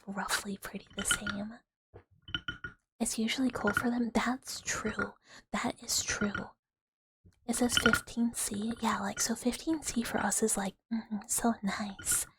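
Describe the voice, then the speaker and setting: A young woman chats in whispered role-play, her breathy voice sitting a little high. She rambles with fillers, close on the mic, over a loud steady hiss. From United States. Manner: soft unvoiced whisper, chatty and rambling with many fillers. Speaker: ASMR streamer chatting with viewers. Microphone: close sensitive ASMR microphone.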